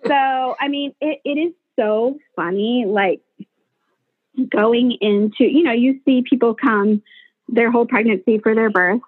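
A woman's voice: fairly high pitch, a little slow, no echo. Chatty midwife woman on a tinny line. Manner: animated, acts out quoted voices, many fillers. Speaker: home birth midwife, guest. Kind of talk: casual interview storytelling. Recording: dry, tinny phone-like sound.

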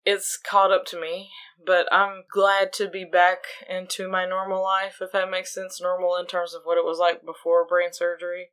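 Woman, podcast co-host, casual chat, quick reactions, fairly low pitch. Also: little pitch movement, fairly bright tone, clean tone. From United States. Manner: laughs often, reacts with quick quips.

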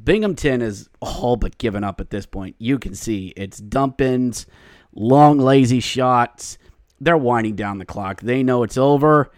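A male podcast host recapping a hockey game, slipping into excited play-by-play calls and shouting at the goals. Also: medium pitch, a little slow, no room sound, studio quality.

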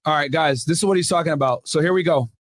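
A young man hosting a casual, profane reaction commentary, animated and quick to laugh. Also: fairly high pitch, dry recording, studio quality. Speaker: YouTube commentary host.

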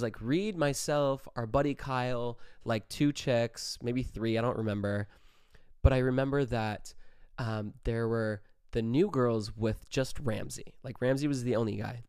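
Recorded with studio quality and no echo, a young man with a medium-pitched voice hosts his own show. He spins a casual, profane party story with lots of energy, voicing each quote himself.

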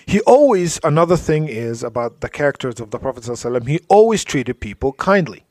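A man's voice: mid-range voice, very animated, fast talker, no room sound. A man giving a religious talk, telling stories in a conversational way with frequent asides. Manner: storytelling, drops to soft asides, frequent "you know". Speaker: Islamic speaker.

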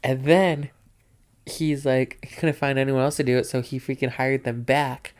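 Relaxed young man rambling casually. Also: medium pitch, normal speed, clear, resonant tone. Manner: relaxed, rambling storytelling with many fillers. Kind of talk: casual chat.

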